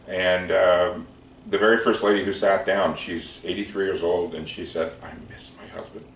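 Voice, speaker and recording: A man telling a heartfelt story in a gentle, conversational way with many fillers. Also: deep voice, flat delivery, moderate pace. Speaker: speaker recounting prayer sessions. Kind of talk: storytelling talk. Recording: echoey room, distant mic, faint noise.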